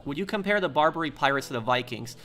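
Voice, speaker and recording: A man's voice: on the high side, expressive, fast, fairly bright tone. Rambling opinionated male streamer. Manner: rambling and opinionated, reading viewer comments aloud. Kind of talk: live-stream chat while gaming.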